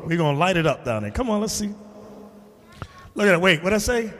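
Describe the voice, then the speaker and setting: A man preaching in an animated, emphatic way, mixing street talk with scripture in a reverberant hall. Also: high voice, a little fast, pauses often. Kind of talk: sermon-style teaching.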